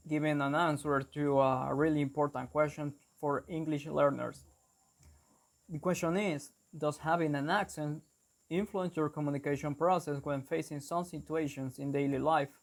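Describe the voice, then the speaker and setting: A young man hosting an English-learning channel, explaining a lesson carefully and deliberately, with small restarts. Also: a little high, fairly even intonation. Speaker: English teacher, channel host.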